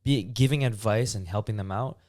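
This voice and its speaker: Young male podcast co-host, low-pitched, dry close mic, relaxed rambling chat. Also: fairly quick, dry recording. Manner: relaxed, rambling, many fillers. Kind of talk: casual chat.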